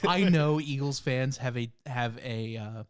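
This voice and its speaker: A young man from the Philadelphia area in casual podcast chat, who laughs often and tells stories loudly. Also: medium pitch, a little slow, clean tone. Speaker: podcast co-host.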